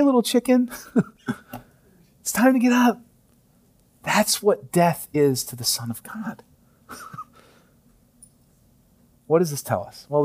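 A man in his thirties preaching a sermon in a conversational way, often chuckling and sometimes dropping to a soft near-whisper. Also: medium pitch. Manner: chuckles often while speaking. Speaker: pastor.

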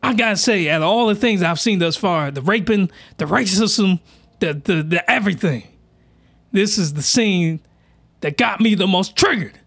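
A man hosting an anime reaction video, giving excitable, crude commentary at a desk mic, with shouting outbursts and voice cracks. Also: high voice, moderate pace, gravelly.

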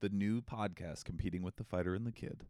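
A young man co-hosts a podcast, trading jokes in casual comedic chat and slipping into silly put-on voices. His voice is low-pitched and dark, fairly quick, and recorded with no room sound.

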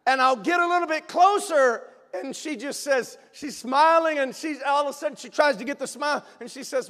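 Pastor guy with a really high voice, animated sermon story, long echo in a big church. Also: fairly quick, hardly any pauses. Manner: animated, emphatic, bursts of shouting. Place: church sanctuary. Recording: long reverb of a large hall.

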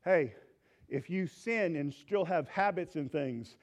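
A man preaching a sermon as pastor, swinging between fervent exclamations and a hushed altar-call prayer. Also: fairly high pitch, takes it slowly. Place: church sanctuary.

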